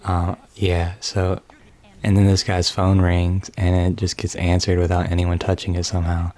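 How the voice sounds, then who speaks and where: Casting: low-voiced man, monotone, sardonic game-story recapper. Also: fairly quick. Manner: deadpan, mocking. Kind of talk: comedic sarcastic story summary.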